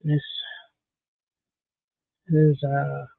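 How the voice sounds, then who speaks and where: A man from Canada with a slightly high voice, chatting casually and bluntly as he hosts a beading stream. His talk is slow and unhurried. The sound is dry and narrow, like a phone line. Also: monotone, creaky, no echo. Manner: blunt, candid opinions. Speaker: livestream host. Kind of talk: casual livestream chat while beading.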